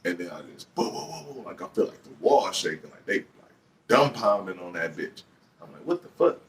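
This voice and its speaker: A man with a Detroit accent telling a story from his own life in a casual, profane, animated way. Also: low voice, moderate pace, far from the mic, a little hiss or hum.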